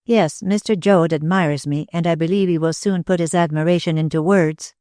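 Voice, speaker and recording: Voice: medium pitch, moderate pace, clear, resonant tone, no room sound, studio quality, natural voice. A narrator voicing a proud, bitter young woman. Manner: steady and bitter. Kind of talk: audiobook character reading.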